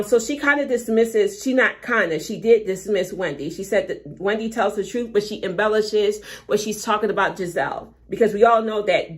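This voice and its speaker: A woman's voice: medium pitch, a bit bright. A woman hosting a casual live-stream recap of a reality show, chatty and self-correcting, with frequent fillers.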